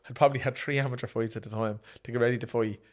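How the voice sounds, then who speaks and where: A man's voice: mid-range voice, fairly even intonation, rapid-fire. An Irish man, a former pro boxer, telling stories in a casual interview, re-enacting his own exchanges and swearing freely.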